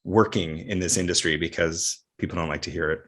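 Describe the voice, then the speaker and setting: A man's voice: low voice, fairly even intonation, brisk, a bit bright. A man from Canada chatting as a podcast guest about acting work, with a General North American accent and lots of fillers. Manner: chatty storyteller with frequent fillers. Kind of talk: casual conversation.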